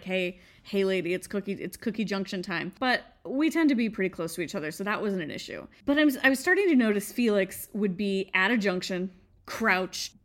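Chatty woman, laughing asides. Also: medium pitch. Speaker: dog trainer. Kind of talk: casual explanatory talk.

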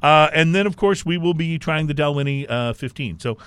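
A man's voice: on the high side, fairly quick, clean tone, no echo. Texas guy co-hosting, bouncy voice that rises and falls a lot, dry close sound. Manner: animated, chatty, with frequent fillers. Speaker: co-host. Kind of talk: casual chat.

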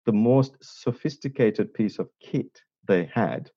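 A man in his forties, a podcast guest, telling relaxed anecdotes with wry humour. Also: fairly low pitch, takes it slowly, slightly rough, dry recording, lo-fi sound. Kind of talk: conversational storytelling.

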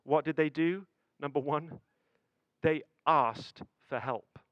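A man's voice: fairly high pitch, slow pace, dry recording, highs cut off. A man preaching a sermon, telling a family story with building suspense and acted-out dialogue.

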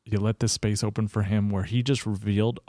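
A man in his thirties, a coach and podcast guest, telling stories in a casual, animated way, swearing freely and acting out what people said. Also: on the low side, a little fast, dry recording, studio quality. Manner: animated, swears freely, acts out quoted dialogue. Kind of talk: casual storytelling interview.

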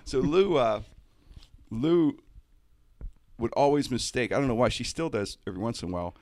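A man's voice: medium pitch, normal speed, no echo, studio quality. A man telling a story in casual talk-show chat, slipping into comic voices. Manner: animated, does comic voices mid-story.

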